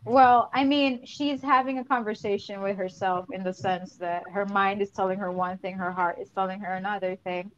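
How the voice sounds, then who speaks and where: A woman's voice: mid-range voice, fairly even intonation, moderate pace, few pauses, highs cut off, slight background noise. A woman guest in a casual panel discussion, stammering on restarts as she reasons her points through. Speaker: podcast guest.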